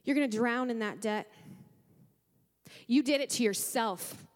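A woman pastor voices the enemy, a sneering male accuser spirit who taunts in a lower tone. The lines echo through a church hall with a long reverb. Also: unhurried, natural voice. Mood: taunting.

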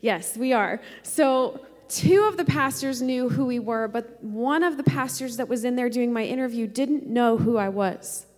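A woman pastor in her thirties sharing an emotional personal testimony in a sermon, often quoting others in a softer voice. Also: fairly high pitch, measured pace, hardly any pauses, long reverb tail.

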